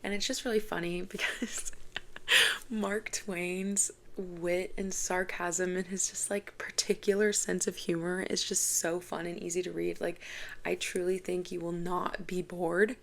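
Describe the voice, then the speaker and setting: A woman's voice: lowish voice, level tone, unhurried, creaky. A woman in her twenties, a book vlogger, talking in a chatty, casual way full of "like" fillers. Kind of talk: casual chat.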